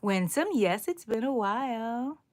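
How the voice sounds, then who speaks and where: A woman's voice: fairly high pitch, animated, measured pace. Chatty middle-aged woman hosting a crochet stream. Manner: chatty, reads viewer comments aloud, laughs often. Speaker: crochet livestream host. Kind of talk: casual live-stream chat.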